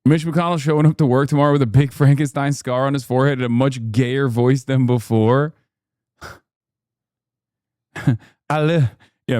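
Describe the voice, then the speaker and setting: A man's voice: mid-range voice, a little mellow, no room sound, studio quality. A man from the United States giving casual, sarcastic livestream commentary on politics. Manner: sarcastic, joking.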